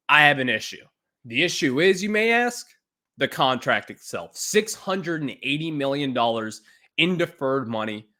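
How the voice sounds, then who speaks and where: A man's voice: mid-range voice, sharp tone. A man hosting a sports podcast, ranting emphatically about a baseball contract. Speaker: podcast host.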